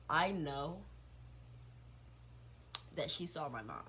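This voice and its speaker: A young woman vlogger telling a gossipy storytime, animated and repetitive, swearing freely. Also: on the low side, measured pace, pauses often, a little hiss or hum, low-quality recording.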